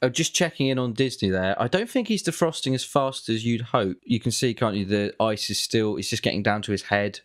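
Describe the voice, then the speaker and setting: A man's voice: fairly low pitch, expressive, a little fast, few pauses. A young man from southwest England co-hosting a comedy podcast, trading dry, mock-serious banter. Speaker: podcast co-host.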